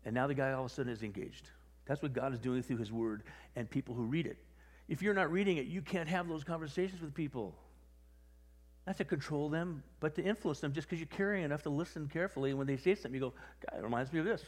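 Animated conversational male preacher. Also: fairly high pitch, quick pace, big-room sound. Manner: conversational, animated, acts out quotes. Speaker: pastor. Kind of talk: sermon.

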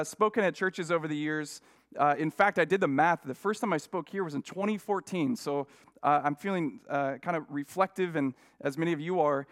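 A male guest preacher giving a conversational sermon, telling stories with frequent restarts and self-deprecating asides. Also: a little high.

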